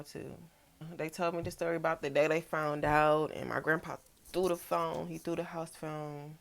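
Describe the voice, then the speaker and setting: A young woman, talking in a casual, reflective vlog, soft-spoken and relaxed. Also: deep voice, vocal fry. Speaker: vlogger. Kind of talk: personal reflective vlog talk.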